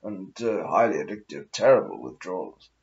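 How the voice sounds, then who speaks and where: A man's voice: sits low, sing-song, moderate pace, gravelly, darkish tone, lo-fi sound. A man with a posh English accent, rambling through a sweary, self-mocking vlog monologue while smoking. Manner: profane, meandering, self-mocking asides. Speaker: vlogger.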